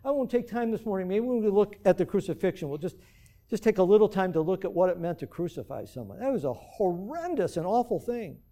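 A man's voice: sits high, expressive, a little fast, warm tone. A man preaching a sermon to his church as pastor, earnestly asking the congregation rhetorical questions.

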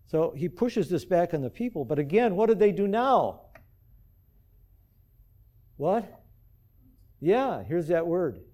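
Male pastor, sermon, high voice, mellow tone, earnest, rhetorical questions to the congregation. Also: very animated, slow pace, pauses often, dull audio.

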